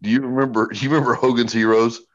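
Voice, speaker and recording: A middle-aged man talking bluntly and profanely as a podcast guest, telling animated stories. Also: medium pitch, fast, lo-fi sound. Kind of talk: casual podcast conversation.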